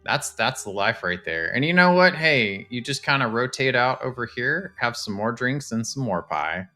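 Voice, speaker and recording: A man, casually chatting to his live-stream viewers while touring game houses, excitable and talkative. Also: mid-range voice, moderate pace, faint music behind. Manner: chatty, excitable, talks to chat.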